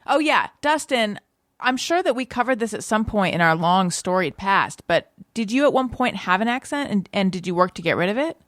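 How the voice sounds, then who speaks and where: A woman hosting a podcast in casual chat, playful and quick to laugh. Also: medium pitch, sing-song, a bit bright, no room sound, clean studio sound. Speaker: podcast host.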